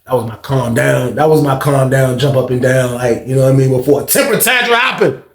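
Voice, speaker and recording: A man with a mid-range, brisk voice tells a story in casual, slang-heavy talk, swearing freely. He's animated, acting out scenes with sound effects and voices. The recording has a roomy echo.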